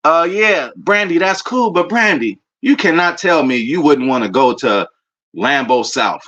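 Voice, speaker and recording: A man's voice: on the high side, unhurried, dull audio. A man on his own show, ranting about his team in loose, profane banter that jumps from gloating to griping. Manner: animated, profane, rambling fan banter. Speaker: sports fan commentator. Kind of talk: casual fan rant.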